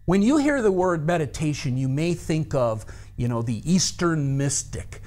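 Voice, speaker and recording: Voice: medium pitch, animated, moderate pace, darkish tone, faint music behind. A Bible teacher giving a recorded study lesson, explaining a practice step by step and thinking aloud through a verse.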